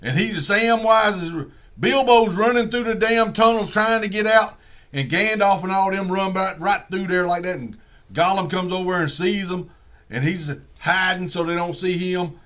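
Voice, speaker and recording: A man's voice: high voice, moderate pace, fairly bright tone. A man telling a rambling, profane, folksy comic story with many digressions. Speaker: comedian.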